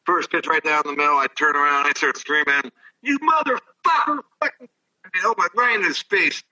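A man's voice: on the high side, brisk, pushed and bright, recorded from a distance, dull audio. An older man, a former ballplayer, telling rambling, profane stories in casual chat. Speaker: guest, former baseball player. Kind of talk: casual storytelling.

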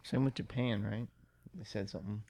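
A man's voice: fairly low pitch, steady tone, brisk, warm tone, no echo. A man telling rambling stories in casual podcast chat, laughing at his own jokes.

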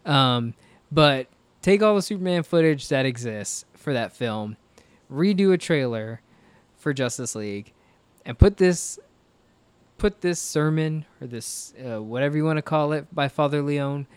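Smooth-voiced rambling man, dry sound. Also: fairly high pitch, animated, a little slow, no room sound. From American South. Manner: rambling, filler-heavy, jokey. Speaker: podcast co-host. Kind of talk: casual chat.

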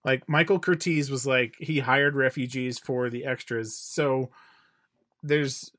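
A man's voice: mid-range voice, fairly even intonation, slow, a bit bright. A man co-hosting a film podcast in casual chat, agreeable and adding bits of film trivia. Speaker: podcast co-host.

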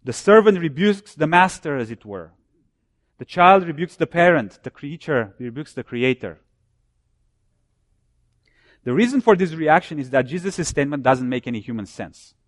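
Man, preacher, sermon, fairly high voice, dry close sound, emphatic repeated phrases. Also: lively intonation, normal speed, long pauses, no echo.

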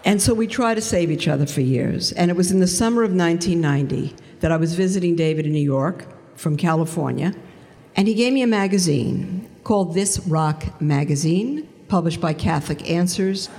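A woman giving a faith testimony to an audience, telling her story in an animated way and acting out the dialogue. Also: fairly low pitch, normal speed, in a large hall.

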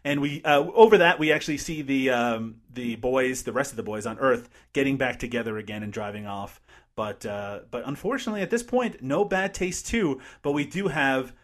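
A man's voice: medium pitch, lively intonation, normal speed. A man co-hosting a casual movie podcast, recapping scenes and laughing often. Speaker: podcast co-host. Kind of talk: casual movie-review chat.

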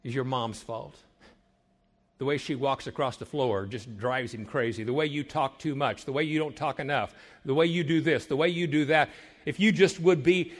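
Older man preaching in an echoing hall. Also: on the high side. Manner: emphatic and preachy, building repeated phrases, dropping to a hush. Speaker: marriage counselor and speaker. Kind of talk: sermon-like talk to young people. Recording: long hall reverb.

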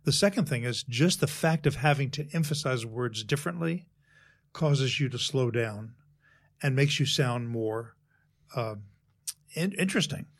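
A man who works as a speechwriter, talking in a measured, explanatory way in an interview and walking through worked examples. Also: mid-range voice. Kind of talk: conversational interview.

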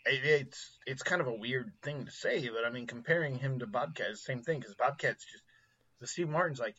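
A man chatting casually as a podcast co-host, rambling with halting restarts and frequent laughter. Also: mid-range voice, bright, forceful tone, breathy edge, dull audio. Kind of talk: casual chat about comedy films.

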